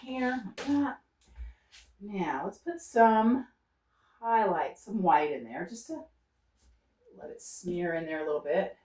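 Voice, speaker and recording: A woman's voice: mid-range voice, expressive, slow, long pauses, a little mellow. A woman talking through her painting as she works, thinking aloud and coaxing herself to stay loose and not fuss over details. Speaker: painter demonstrating. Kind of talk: unscripted painting demonstration. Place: art studio. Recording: roomy studio sound from a distance.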